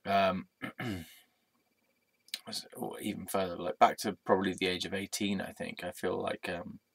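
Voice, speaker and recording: Low-voiced man rambling candidly on a vlog. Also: fairly even intonation, a little slow, gravelly, breathy edge. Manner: rambling, candid, swears freely, lots of ums; dry sarcastic humor. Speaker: vlogger. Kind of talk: casual personal vlog monologue.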